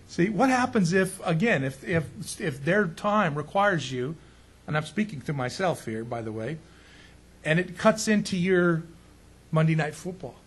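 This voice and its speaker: A pastor with a husky, breathy edge to his fairly high voice talks through his sermon in a loose, conversational way. He jokes, stresses his points hard, and keeps turning to his listeners with questions. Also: animated, moderate pace. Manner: joking, emphatic, asks the listeners questions.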